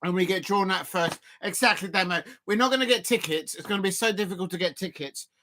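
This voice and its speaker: An excitable man hosts a live football watch-along, his voice bright and forceful. He jumps from playful jokes to loud, despairing outbursts. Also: sits high, quick pace, slight background noise. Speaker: football fan channel host.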